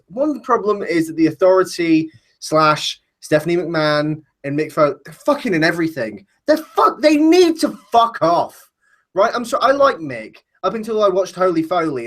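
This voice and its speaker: A man's voice: high-pitched, fairly bright tone. A man hosting a casual wrestling discussion, ranting with plenty of swearing. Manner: profane, ranting. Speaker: podcast host.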